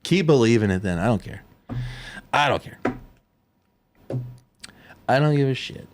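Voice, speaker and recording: A man's voice: mid-range voice, expressive, measured pace, a little hiss or hum. Mocking, sarcastic young man on a livestream. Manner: mocking, sarcastic, swears a lot, mimics others in sneering voices. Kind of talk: ranting livestream commentary.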